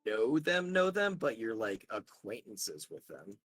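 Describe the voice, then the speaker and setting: A man's voice: on the low side, big pitch swings, measured pace, fairly bright tone. A man narrating as game master of a tabletop game, loose and filler-heavy.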